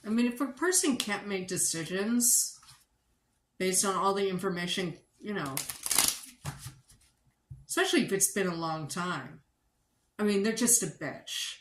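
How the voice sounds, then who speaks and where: A woman giving a livestream tarot reading, blunt and sarcastic and quick to swear. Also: mid-range voice, lively intonation. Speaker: tarot reader. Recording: echoey room with background noise.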